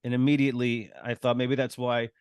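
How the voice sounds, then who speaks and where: A man talking through comedy bits in a relaxed chat, mid-pitched and easygoing. He tells his ideas as stories and drops into quick voices. The recording is close and dry, with no room sound. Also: clear, resonant tone, dry recording. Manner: storytelling, acts out voices for jokes. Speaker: guest comedian. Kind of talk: casual comedy workshop chat.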